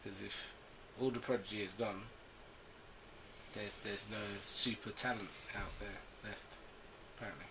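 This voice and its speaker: A man co-hosting a podcast, bantering casually, defensive and quick to laugh. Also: lowish voice, steady tone, background noise. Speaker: podcast co-host.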